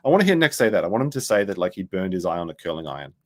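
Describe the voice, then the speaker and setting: A man's voice: low voice, sing-song, rapid-fire. A man giving casual commentary, rambling and profane, losing his train of thought as he talks. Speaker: commentary streamer.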